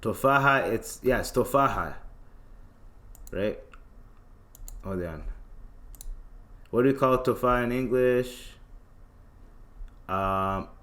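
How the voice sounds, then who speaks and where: A man hosts a podcast alone, telling a story in loose, slang-heavy talk. He acts out the other people's lines as he goes. His voice sits at an ordinary middle pitch. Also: slow, long pauses, fairly bright tone. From Tanzania. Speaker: podcast host. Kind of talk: casual storytelling monologue.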